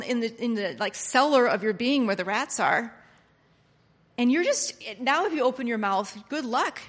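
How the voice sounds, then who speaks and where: Animated woman preacher in an echoing hall. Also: a little high. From Pennsylvania. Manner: animated, swinging from hushed to loud exclamations. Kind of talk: sermon. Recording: long hall reverb.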